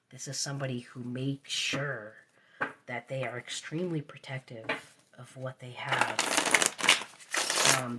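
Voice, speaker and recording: A woman's voice: very deep voice, breathy edge. A woman giving a live tarot reading, repeating her phrases and sometimes dropping into a whisper. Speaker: tarot reader.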